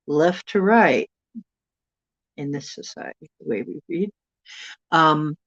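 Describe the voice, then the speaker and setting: Slow, low-voiced woman musing aloud. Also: muffled recording. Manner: meandering, thinking aloud. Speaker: channel host. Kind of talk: livestream chat, recounting dreams and reading viewer comments.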